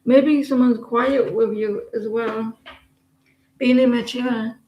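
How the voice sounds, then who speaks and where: A woman's voice: fairly high pitch, fairly even intonation, slow, echoey room, muffled recording, a little hiss or hum. A woman giving casual, teasing tarot readings on a live stream, chatting to viewers and laughing often.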